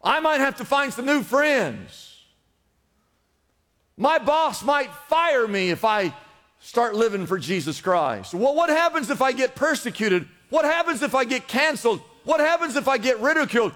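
A man with a high voice preaches from the pulpit, pressing each point home with repeated urging. His words ring out with a long reverb in a church hall. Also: animated, measured pace, fairly bright tone. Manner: emphatic, repetitive exhortation. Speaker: pastor. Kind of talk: sermon. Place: church in Los Angeles.

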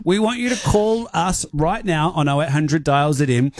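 A man's voice: a little high, animated, normal speed, dry recording. A man hosting a radio show, setting up segments in an upbeat, teasing announcer manner. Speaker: radio host.

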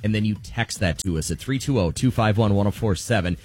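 Upbeat deep-voiced radio host man. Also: fairly quick, darkish tone, husky. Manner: joking, upbeat, giving contest instructions. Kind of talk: morning radio banter.

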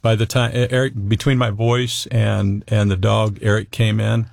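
A man's voice: lowish voice, flat delivery, moderate pace, creaky, darkish tone, dry recording. A man telling his own story in an interview, easygoing and conversational with wry humor. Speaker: interview guest. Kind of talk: casual personal storytelling.

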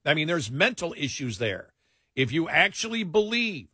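Animated older man on talk radio. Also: on the high side, moderate pace, breathy edge, no echo, clean studio sound. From New York. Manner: animated, mocking impressions in asides. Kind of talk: late-night radio talk.

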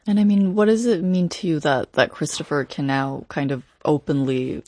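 A woman interviewer who asks gentle, encouraging questions. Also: sits low, steady tone, moderate pace, dry recording. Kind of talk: conversational interview.

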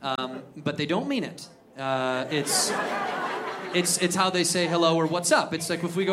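A high-pitched man tells a story on stage in a stand-up set, getting more animated and shouting at his punchlines. The live recording is full of crowd noise and laughter. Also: normal speed. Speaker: stand-up comedian. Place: comedy venue stage. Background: audience laughing.

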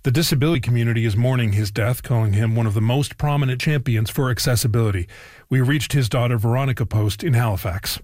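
Measured male news host. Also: mid-range voice, no echo, clean studio sound. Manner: measured, even delivery. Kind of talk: scripted news reading.

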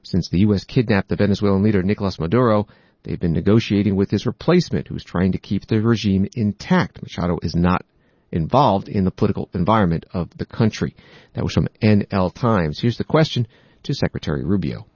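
Low-voiced guy reading the news, dry dull sound. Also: a little mellow, no echo. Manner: measured, reads from reports. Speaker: news host. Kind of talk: news reading with quoted articles.

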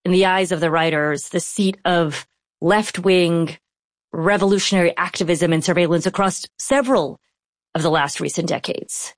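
A woman's voice: lowish voice, steady tone, moderate pace, dry recording. Woman hosting an interview. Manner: careful, framing questions. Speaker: interview host. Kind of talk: interview questions.

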